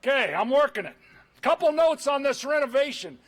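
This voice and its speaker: A man, a governor, giving an energetic, conversational public address to a crowd. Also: extremely high pitch, fairly quick.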